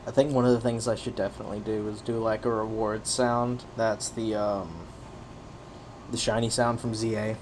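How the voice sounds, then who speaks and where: A man's voice: on the low side, little pitch movement, moderate pace, slight background noise. A man streaming and talking to himself in a casual, rambling way, tired and yawning, often restarting his sentences. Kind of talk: casual solo stream commentary.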